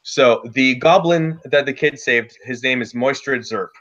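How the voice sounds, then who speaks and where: A man telling a casual story about running a tabletop game, loose and lively, with lots of "like" fillers. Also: medium pitch, a little slow, lo-fi sound. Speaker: dungeon master guest.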